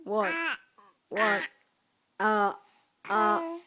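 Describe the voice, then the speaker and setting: A woman's voice: medium pitch, expressive, very slow, sharp tone. A woman talking baby talk to her infant son, cooing and asking the same short questions over and over.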